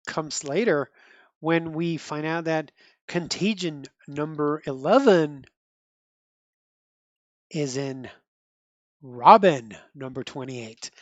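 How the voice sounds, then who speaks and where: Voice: mid-range voice, no room sound. A podcast host in their thirties or older giving casual, rambling commentary on a comic book. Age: 30s or older. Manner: chatty, rambling, frequent restarts and laughs.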